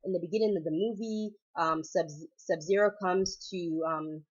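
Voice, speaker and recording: A woman chatting excitedly in a casual vlog, gushing and laughing often as she reviews a movie. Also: lowish voice, normal speed, breathy edge, highs cut off. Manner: bubbly, gushing, laughs often, repeats "oh my goodness".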